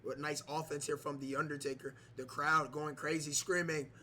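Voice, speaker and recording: Bright-voiced excitable wrestling commentator man. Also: fairly high pitch, moderate pace, slight background noise. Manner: excited, repetitive, yells at big moves. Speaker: commentator of a wrestling video game. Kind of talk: play-by-play game commentary.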